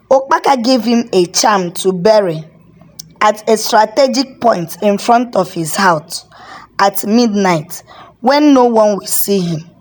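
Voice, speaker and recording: A woman narrating a folk tale in a measured, dramatic way. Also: mid-range voice. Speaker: storyteller.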